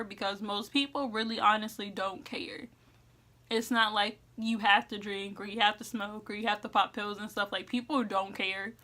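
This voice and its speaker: A young woman talks straight to her viewers in a relaxed advice vlog. Her voice is bright and a little high. She rambles in a friendly way, peppering everything with fillers, and talks with food in her mouth. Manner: chatty, heavy use of "like" and "you know what I'm saying"; eating while talking. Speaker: vlogger giving school advice.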